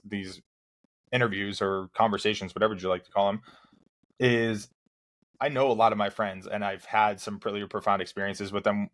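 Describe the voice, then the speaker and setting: Male podcast host, lowish pitch, loose conversational questions. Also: fairly bright tone. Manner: rambling questions full of fillers and restarts. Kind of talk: casual interview.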